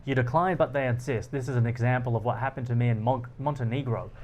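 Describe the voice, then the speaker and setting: A man hosting a philosophy talk, explaining ideas through personal stories, animated and often laughing. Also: mid-range voice, fast talker, highs cut off. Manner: animated, laughs often, acts out quoted lines. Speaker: philosophy channel host. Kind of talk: explanatory monologue with personal anecdotes.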